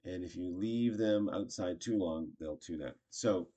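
A man's voice: sits low, measured pace, warm tone, muffled recording. A man casually teaching improv, chatty and acting out short example lines. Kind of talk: casual instructional talk.

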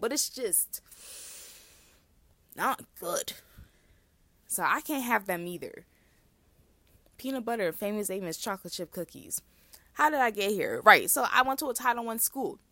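A woman's voice: medium pitch, expressive, a little slow, long pauses, a bit bright, dry recording. A young American woman hosting her own podcast, chatting casually and telling stories full of fillers and asides to her listeners. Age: young adult. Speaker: podcast host. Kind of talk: casual solo podcast chat.

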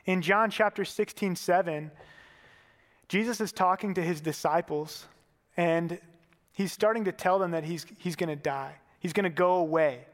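A man delivers a sermon in a relaxed, chatty way, like he is talking with friends. His voice sits high for a man. A long reverb trails behind each phrase, as in a large hall. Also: normal speed. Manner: casual and conversational, with fillers like "man". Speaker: preacher.

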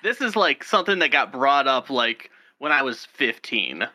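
A man guests on a casual podcast and tells stories with big swings in pitch. His voice is very bright and sharp. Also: normal speed. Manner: animated storyteller, swings pitch for effect.

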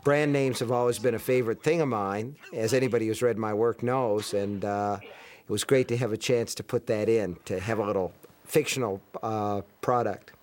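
Male author on a commentary track: thoughtful and unhurried, pausing with "uh"s. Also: lowish voice, fairly even intonation, darkish tone. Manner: reflective, with many hesitations. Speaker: author of the book. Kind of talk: film commentary.

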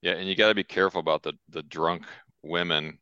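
A man chats as a guest on a podcast, making wry comments. His voice is very deep yet bright and crisp, and it sounds dry and a bit muffled. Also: steady tone, fast talker, no room sound. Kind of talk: casual chat.

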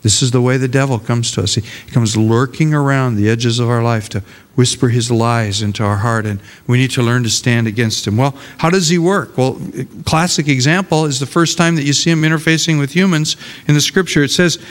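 A man's voice: medium pitch, brisk, big-room sound. An older man and pastor preaching a conversational sermon, often repeating words as he searches for them.

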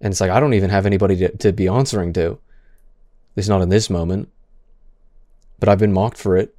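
A young man streaming his commentary, stumbling and repeating words as he stutters through heated points. His voice sits low with a dark, mellow tone. The sound is dry and close. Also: fairly even intonation, fairly quick, no room sound.

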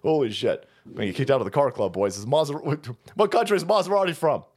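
A man ranting on a livestream, foul-mouthed and excitable, laughing between his remarks. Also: on the high side, fast. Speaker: streamer.

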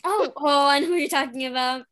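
Young woman, high bright voice, chatty, blunt, casual storytelling. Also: brisk.

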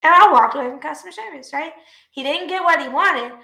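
High, bright-voiced woman telling stories. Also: fast, creaky, roomy sound. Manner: profane, animated storytelling with laughs. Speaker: podcast co-host. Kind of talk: casual storytelling chat.

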